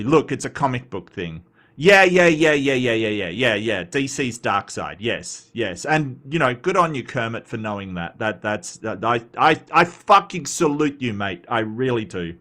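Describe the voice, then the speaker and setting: A man's voice: mid-range voice, pushed and bright. An Australian man hosting a casual commentary show, rambling and blunt, swearing freely and answering his chat. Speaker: commentary host.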